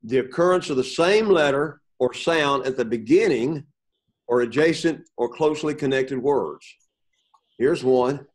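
Man teaching a Bible class, halting. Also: medium pitch. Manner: halting, repeats words, checks in with 'okay?'. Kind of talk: classroom lecture with questions to students. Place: classroom with students.

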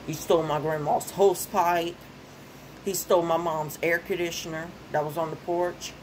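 A woman's voice: fairly low pitch, fairly even intonation, moderate pace, background noise. Worked-up young woman ranting. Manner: ranting, repeats phrases, gets worked up. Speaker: vlogger. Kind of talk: casual venting monologue.

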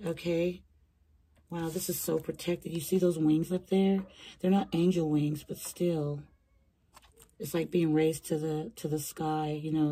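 Low-voiced chatty woman reading tarot. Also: mellow, slightly rough. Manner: chatty, slangy, talks straight to viewers. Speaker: tarot reader. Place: small bedroom.

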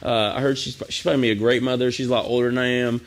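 A man's voice: mid-range voice, level tone, rapid-fire, pitched below the performer's own voice, close to an everyday voice. A man voicing a startled teenage girl in a sermon retelling, stammering and flustered. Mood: refusing.

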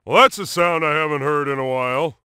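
An actor playing a dim, cheerful cartoon starfish who plays at being a superhero, with a goofy, childlike and emphatic way of talking. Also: male voice, a little high, brisk, pushed and bright, smooth, dry recording, studio quality. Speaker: video game character. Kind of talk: cartoon game voice clips.

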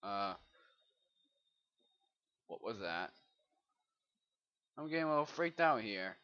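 A man's voice: lowish voice, very animated, slow, a bit bright. A man rambling and swearing through casual commentary while he plays a video game, muttering to himself, over a dull lo-fi mic. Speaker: gamer doing a let's play.

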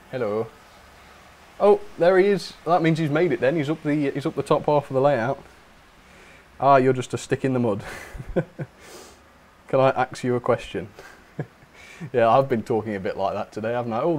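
A young man hosts a casual livestream, talking in a chatty, self-mocking way and laughing often. His voice sits at an ordinary middle pitch. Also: a little mellow. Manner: chatty, giggly, self-mocking, reads chat aloud. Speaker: host of a model railway livestream.

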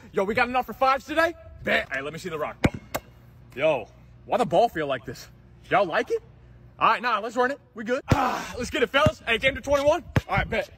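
A young man performing comedy sketches, switching quickly between characters with loud, energetic, slang-heavy banter. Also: extremely high pitch, noisy background.

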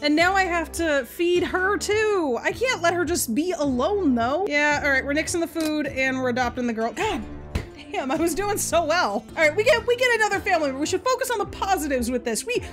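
A woman hosting a video game let's play, excitable and quick to yell and swear at the game. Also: very high voice, soft background music. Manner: excitable, yelps and shouts at the game; swears freely.

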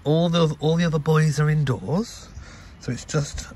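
A man casually vlogging to camera, chatty and gentle, talking about his garden and his shopping. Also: fairly high pitch, moderate pace, a little hiss or hum. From Britain. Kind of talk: casual vlog chat. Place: home garden and greenhouse.

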